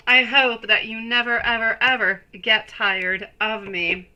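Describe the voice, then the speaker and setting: A woman hosting a live tarot reading stream, speaking slowly and affectionately to her viewers. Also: fairly high pitch, little pitch movement, sharp tone, highs cut off. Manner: slow, soothing, affectionate toward viewers.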